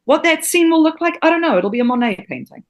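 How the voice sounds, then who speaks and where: A woman's voice: sits high, very animated, fast. A woman from New Zealand, a podcast guest who teaches acting, talking with passion and emphasis and swearing freely. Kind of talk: podcast interview.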